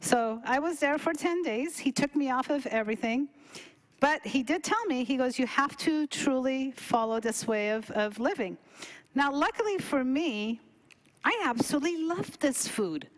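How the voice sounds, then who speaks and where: A woman's voice: high-pitched, lively intonation, moderate pace. A middle-aged woman telling a story casually, acting out quoted dialogue with big jumps in her voice. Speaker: cooking demo presenter.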